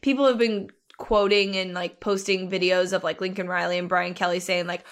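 A woman co-hosting a casual sports talk show, chatty and quick to laugh. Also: fairly low pitch, fairly even intonation. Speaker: sports podcast co-host. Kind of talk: casual chat.

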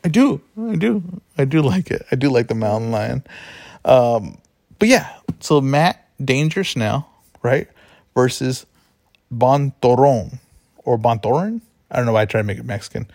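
A man's voice: mid-range voice, big pitch swings, normal speed, gravelly, darkish tone, no echo, studio quality. A man hosting a casual sports betting talk show, rambling and correcting himself as he goes. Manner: chatty, rambling, self-correcting. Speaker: podcast host.

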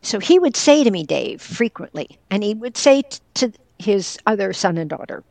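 A gravelly, darkish medium-pitched voice with big pitch swings comes from an older northwestern Pennsylvania woman, once a teacher and now a caregiver. As an interview guest she earnestly and candidly tells a personal story at a moderate pace, quoting others directly. There's no room sound.

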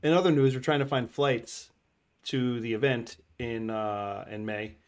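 A man's voice: mid-range voice, steady tone, a little slow, clear, resonant tone. A man hosting a casual podcast chat, rambling and laughing often into a desk microphone. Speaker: podcast host. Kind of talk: casual live-stream chat.

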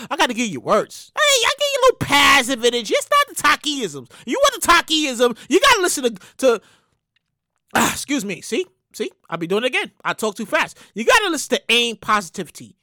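A man hosting a solo podcast, talking loudly and animatedly with plenty of profanity. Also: very high-pitched, fairly quick, no echo, clean studio sound. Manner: loud, animated, profane ranting. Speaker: podcast host. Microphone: studio microphone.

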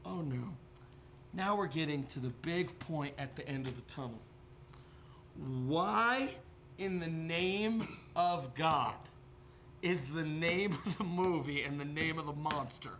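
A man's voice: on the high side, measured pace, fairly bright tone, a little hiss or hum. Swearing, rambling young man. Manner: profane, rambling, jokey storytelling. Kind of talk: casual chat.

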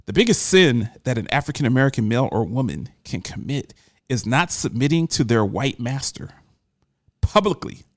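A man's voice: a little high, fairly bright tone, dry recording, clean studio sound. A man giving an impassioned opinion monologue, emphatic, his voice rising when he gets indignant and often repeating words as he starts a thought. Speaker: commentator.

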